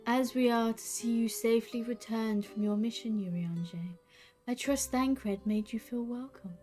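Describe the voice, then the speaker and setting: A gentle young male mage with a hushed, soft delivery, as a woman reads him out for a game. The voice stays calm and quiet. Faint music plays under it. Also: on the high side, moderate pace, natural voice.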